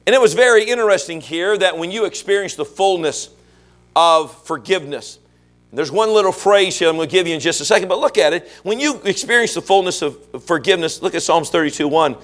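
A middle-aged male pastor preaching a sermon, asking the congregation questions and building to shouted, animated passages. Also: high-pitched, a little fast.

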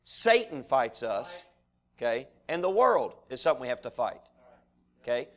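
A man preaching a sermon, telling folksy stories and building to animated preaching. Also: medium pitch, normal speed.

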